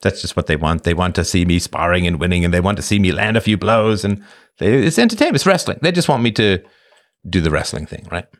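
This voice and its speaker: A man's voice: deep voice, a little fast. A man hosting a livestream, reading chat and talking casually in a wry, self-mocking way. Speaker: show host reading chat.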